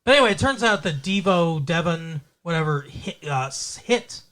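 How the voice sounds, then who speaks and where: A man's voice: a little high, expressive, moderate pace, fairly bright tone. A man co-hosting a podcast, casually retelling a movie plot in a loose, profane way. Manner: loose and profane, with frequent fillers and laughs. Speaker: podcast co-host.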